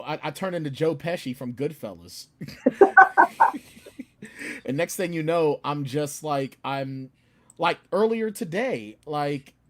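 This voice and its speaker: A man who is a guest author, chatting casually on a video call and acting out his own outbursts. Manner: animated, acts out his own outbursts in a louder, higher voice. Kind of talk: casual chat.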